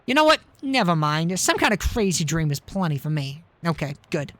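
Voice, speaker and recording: A man's voice: fairly high pitch, big pitch swings, moderate pace, a bit bright, no room sound. A man streaming a video game, giving casual commentary with wry joking asides.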